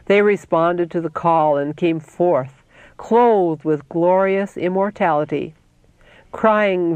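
A reader giving a solemn, deliberate reading of a devotional text, quoting scripture and citing verses. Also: medium pitch, a little mellow, clean tone, dry recording, muffled recording.

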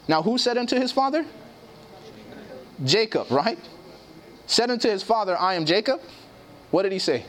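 A man's voice: high voice, big pitch swings, moderate pace, pauses often, a bit bright. A man preaching a sermon, reading scripture aloud and asking his listeners questions. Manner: asks the audience questions, reads scripture aloud.

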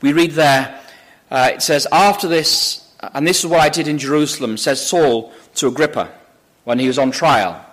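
A man's voice: a little high, normal speed, fairly bright tone. A man preaching a sermon, reading scripture aloud with emphasis from slides on a screen. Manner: emphatic, rising on quoted scripture. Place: church or lecture hall with slides.

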